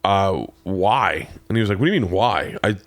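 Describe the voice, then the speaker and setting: A man's voice: low voice, lively intonation, moderate pace, no echo. Rambling man telling a story on a podcast. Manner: rambling, acts out both sides of quoted conversations. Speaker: podcast host. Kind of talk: casual storytelling chat.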